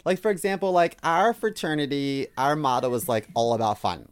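A man's voice: a little high, a little fast, smooth. Curious man asking questions. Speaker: podcast co-host. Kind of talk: casual chat.

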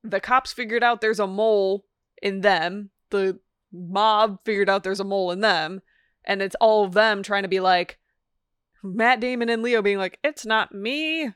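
Smooth-voiced woman podcast co-host. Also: medium pitch, steady tone, normal speed, no room sound, clean studio sound. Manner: laughing, self-deprecating, rambling. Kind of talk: casual movie review chat.

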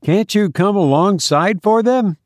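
A man's voice: sits high, a little slow, darkish tone, no echo, clean studio sound, voice pushed up. A man reading an audiobook, voicing a kind, plainspoken sailor who talks earnestly and directly.

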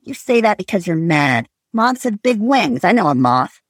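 A woman reading aloud as a harsh older mother who speaks in a sharp, scornful way. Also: fairly low pitch, sing-song, moderate pace, husky, no echo, studio quality.

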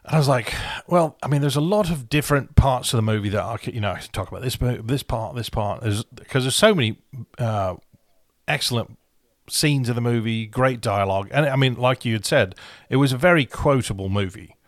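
A man's voice: medium pitch, a little fast, no echo, studio quality. A man with a put-on British accent, bantering in character on a comedy podcast, playful and rambling with lots of restarts. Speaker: podcast co-host.

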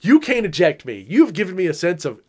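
A middle-aged man telling stories in a casual chat, animated, laughing often and acting out what people said. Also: sits high, fairly quick. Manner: animated, laughs often, acts out quotes loudly. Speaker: podcast co-host.

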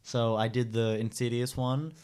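A man's voice: mid-range voice, flat delivery, normal speed, a little mellow, clear, resonant tone. A man chatting casually in a loose, hesitant way, full of fillers. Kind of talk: casual chat.

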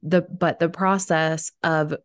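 A woman's voice: low-pitched, steady tone, slow, dry recording, studio quality. A woman hosting a podcast interview, talking candidly and bluntly, swearing freely and acting out little dialogues as she tells stories. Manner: acts out little dialogues when telling stories. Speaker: podcast host. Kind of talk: casual interview chat.

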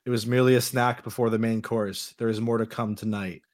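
A man's voice: fairly low pitch, steady tone, fairly quick, a little mellow. A man hosting a casual podcast, reading out a choose-your-own-adventure game between jokes with his co-hosts. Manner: reads story passages aloud with laughs and swearing.

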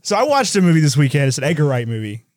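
A man's voice: fairly high pitch, big pitch swings, darkish tone, no echo, clean studio sound. Playful man on a chatty podcast. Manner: playful, quick to laugh and do impressions. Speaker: podcast co-host. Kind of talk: casual chat.

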